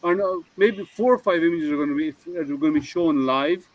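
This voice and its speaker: A man's voice: on the high side, fairly quick, dry recording, muffled recording. A man hosting a casual group video hangout, chatty and teasing, laughing often. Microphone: video call.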